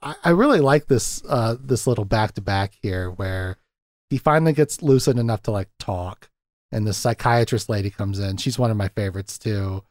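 A man's voice: on the low side, moderate pace, a little mellow, dry recording, studio quality. A man hosting a podcast in casual film chat, laughing often and acting out scenes as he retells them. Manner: chatty, laughs often, acts out quotes from scenes. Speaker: podcast host.

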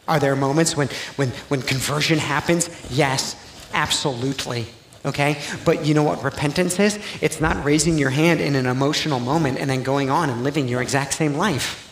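A man with a fairly high voice preaches a sermon, talking to the congregation like a friend and then building to loud, pressing emphasis. He is recorded live in a large, echoey church with a faint hiss underneath. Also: fairly even intonation, moderate pace. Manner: conversational preaching, rising to near-shouting emphasis. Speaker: pastor.

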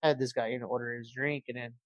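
A young man from California, a podcast guest telling stories in animated casual chat. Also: mid-range voice, quick pace, no echo, highs cut off.

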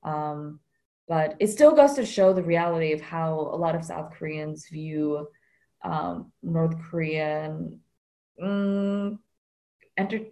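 A woman speaking as a guest in a relaxed interview, chatty and reflective. Her voice sits a little low, and she fills her pauses with lots of ums and likes. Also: gravelly. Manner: chatty, many fillers, reflective. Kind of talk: casual conversational interview.

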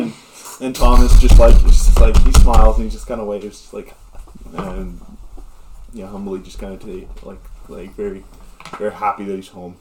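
A man's voice: on the low side, level tone, normal speed, background noise. A man running a tabletop game as game master, narrating casually with lots of fillers.

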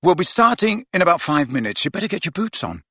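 A man's voice: sits high, big pitch swings, fast, a bit bright, breathy edge, no room sound, pitched above the performer's own voice, full character voice. A man voicing a teenage boy who speaks in a sly, offhand way.

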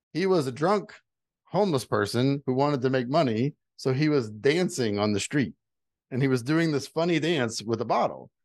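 A man's voice: mid-range voice, no echo. A middle-aged man telling earnest personal stories in casual conversation as a guest. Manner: earnest storytelling. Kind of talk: casual chat.

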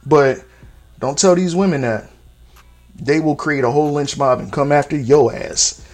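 On a casual solo podcast, a man in his thirties speaks bluntly and with plenty of profanity. His voice sits on the high side at a normal speed, and it jumps up sharply whenever he stresses a point.

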